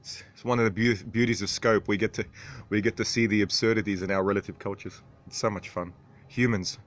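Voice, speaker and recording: A man in his thirties hosting a casual livestream, reading out viewer comments with frequent chuckles and throat clearing. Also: lowish voice, fairly even intonation, quick pace. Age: 30s. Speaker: livestream host.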